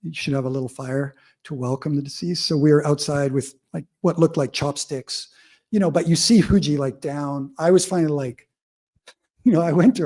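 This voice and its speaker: Husky, mellow-voiced man telling stories. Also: fairly high pitch, normal speed. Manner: conversational, heavy use of fillers like "like" and "you know"; vivid storyteller, audience-engaging. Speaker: academic speaker. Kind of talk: public lecture with personal anecdotes.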